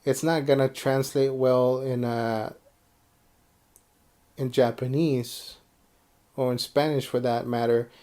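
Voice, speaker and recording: A man's voice: medium pitch, little pitch movement, takes it slowly, pauses often, mellow, clean tone. A young man from the United States rambling casually about anime in his own vlog, with many fillers and restarts. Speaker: video creator.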